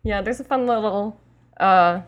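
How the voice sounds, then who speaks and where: A woman in a casual movie discussion, playful and giggly, tossing in quick jokes. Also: medium pitch, highs cut off. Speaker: podcast co-host.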